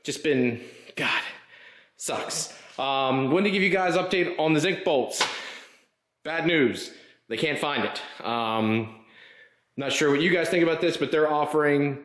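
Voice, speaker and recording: A man's voice: medium pitch, normal speed, fairly bright tone. Roomy-sounding man venting in his garage. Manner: frustrated, rambling, venting. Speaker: car builder and channel host. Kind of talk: casual garage vlog.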